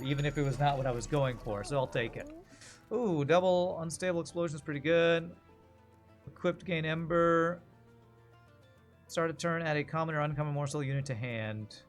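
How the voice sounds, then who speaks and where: A man casually commenting on his gameplay while streaming, joking with his chat between moves. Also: fairly high pitch. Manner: chatty, jokey, talks to chat while playing. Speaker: game streamer.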